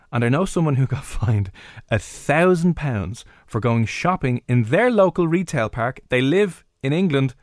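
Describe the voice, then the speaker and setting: A man's voice: mid-range voice, no echo, studio quality. Chatty Irish man hosting radio. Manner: chatty, teasing, quick asides. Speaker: radio show host. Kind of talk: casual radio banter.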